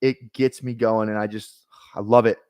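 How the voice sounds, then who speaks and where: A man's voice: on the low side, level tone, moderate pace, a little mellow, clear, resonant tone, no room sound, studio quality. A man streaming fantasy football drafts, chatting casually in a rambling, joking, self-deprecating way. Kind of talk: casual livestream chat while drafting.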